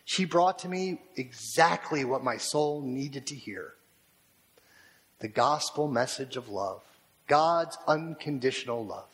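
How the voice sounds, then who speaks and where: A man preaching a sermon as a pastor, talking in a slow, measured and reflective way and posing repeated questions to his listeners. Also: mid-range voice, expressive, fairly bright tone. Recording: long reverb of a large hall.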